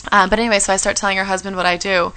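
A woman's voice: mid-range voice, flat delivery, very fast, sharp tone, smooth, low-quality recording. A young woman co-hosting a radio talk show, chatting casually and acting out quotes as she tells stories. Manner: chatty storyteller, acts out quotes. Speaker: radio co-host. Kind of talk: casual chat.

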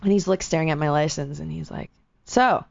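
A young woman, an actress and radio host, telling a lively story in casual chat and acting out the people in it. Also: low-pitched, quick pace, creaky, no echo. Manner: animated, quotes people in voices, lots of "like". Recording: dull, dry lo-fi sound.

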